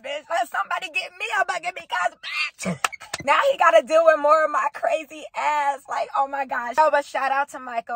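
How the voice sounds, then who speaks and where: A woman with a hoarse voice and speech, hosting a loud, expressive reaction video, squealing and cursing. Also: a little high. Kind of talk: casual reaction commentary.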